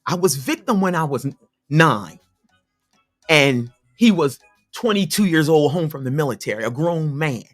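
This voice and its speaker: A woman's voice: low-pitched, lively intonation, normal speed, soft background music. A woman in her fifties speaking as a radio guest, giving earnest, emphatic testimony and repeating her key points for emphasis. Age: 50s. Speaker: radio show guest, abuse survivor and healer. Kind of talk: earnest personal testimony and advice. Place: radio studio.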